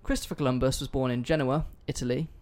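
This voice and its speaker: A man's voice: mid-range voice, fairly even intonation, quick pace, darkish tone. A man hosting a casual history podcast, telling the story in a loose, sweary, joking way. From not American. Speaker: podcast host.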